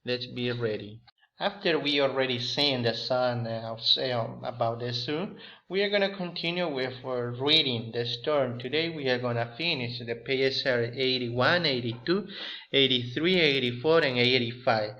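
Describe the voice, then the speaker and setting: A man's voice: mid-range voice, normal speed, pushed and bright, muffled recording. A man with a Mexican Spanish accent teaching an English class to young students, giving simple, repetitive instructions with small slips.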